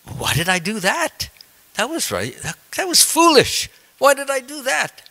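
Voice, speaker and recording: Man voicing a haughty king, bright ringing tone, lively swings in pitch, indignant demands, retold story. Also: unhurried, big-room sound, exaggerated voice. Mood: regretful. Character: proud angry young king, human man.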